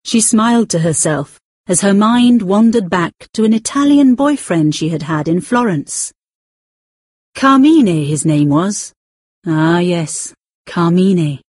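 Breathy, expressive woman narrating a novel. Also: on the low side, dry recording, clean studio sound. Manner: expressive, with drawn-out emphasis. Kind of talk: scripted audiobook narration.

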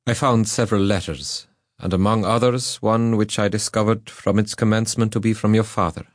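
A man's voice: lowish voice, fairly even intonation, no echo, clean studio sound, voice pushed up, natural voice. A man reading a grave, formal magistrate. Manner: measured, formal. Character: middle-aged male magistrate, grave and kindly. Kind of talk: audiobook reading.

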